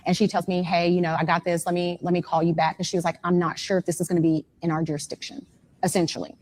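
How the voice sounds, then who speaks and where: Low-voiced mother telling her story. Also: quick pace, a little hiss or hum. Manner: animated storytelling that acts out the other people's words. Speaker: mother of a missing young man, interviewee. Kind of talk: emotional first-hand account in an interview.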